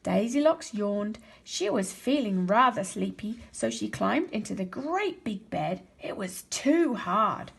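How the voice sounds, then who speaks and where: A woman teacher reading a children's storybook aloud, expressive and slowing down for emphasis. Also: mid-range voice, vocal fry, breathy edge.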